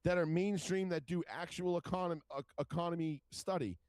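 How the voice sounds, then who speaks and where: Profane, animated male podcast co-host. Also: fairly high pitch, fairly quick, dry recording. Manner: animated, profane, rambling with restarts. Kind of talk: casual chat.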